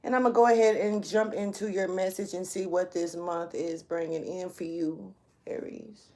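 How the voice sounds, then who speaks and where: A woman's voice: lowish voice, fairly even intonation, moderate pace, mellow. A woman giving a casual monthly astrology reading as a tarot reader, laid-back and rambling, laughing often.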